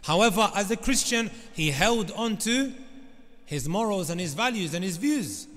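Higher-voiced male preacher in a reverberant hall. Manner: emphatic, repeats direct addresses to the congregation. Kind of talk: sermon. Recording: long reverb of a large hall.

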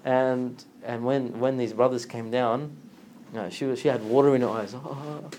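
A man giving an informal religious talk, telling a story with lively acted-out dialogue and frequent laughter. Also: medium pitch, moderate pace, a little hiss or hum. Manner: animated storytelling, acts out dialogue, laughs often. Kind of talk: informal religious lesson with anecdote.

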